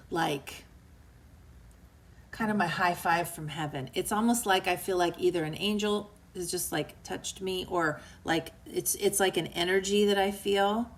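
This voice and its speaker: A woman author hosting a book club livestream, giving a heartfelt motivational talk to live viewers in an emotional, earnest way and reading out their comments. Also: lowish voice. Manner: emotional and earnest, dips quiet and soft; chatty, reads out viewer comments.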